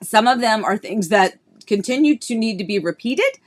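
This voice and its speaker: A woman's voice: on the high side, expressive, normal speed, slight background noise. Chatty woman real estate host with a throaty cough. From Florida, United States. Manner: bubbly, chatty, greets viewers by name. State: tickle in her throat, coughing. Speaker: real estate agent hosting a live stream. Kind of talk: casual live-stream chat.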